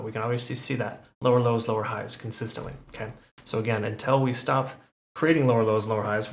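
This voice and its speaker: Man, quick delivery, gravelly voice, chatty chart commentary, echoey room. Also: mid-range voice, a little hiss or hum. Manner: conversational, keeps checking in with "okay". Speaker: crypto market analyst. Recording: roomy echo.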